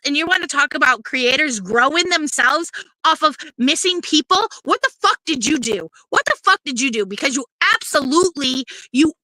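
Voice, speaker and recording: Woman streamer, angry profane rant, sharp high voice, dry close sound. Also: no room sound, low-quality recording. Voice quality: profane, repetitive, confrontational. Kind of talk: heated ranting commentary.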